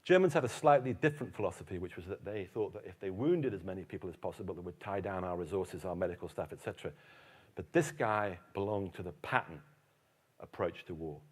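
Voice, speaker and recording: Man from britain doing a history keynote, fairly low voice, animated storyteller. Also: fairly quick, breathy edge. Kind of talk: lecture with anecdotes.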